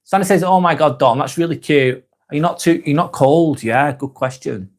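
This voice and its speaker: A man's voice: a little high, normal speed. Joking Northern English man on a live stream. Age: 40s. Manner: rambling and joking, with frequent restarts and laughs. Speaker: live-stream host reading chat comments. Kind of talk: casual live-stream chat.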